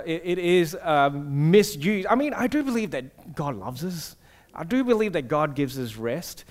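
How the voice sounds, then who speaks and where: A man, preaching a casual sermon that tells stories and asks the audience questions. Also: fairly high pitch. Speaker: pastor. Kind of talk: conversational sermon.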